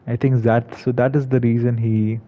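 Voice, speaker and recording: Male game commentator, casual and halting, mid voice, somewhat lo-fi mic. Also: mid-range voice, little pitch movement. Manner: hesitant, many fillers and restarts. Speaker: gaming video creator. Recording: slightly dull lo-fi recording.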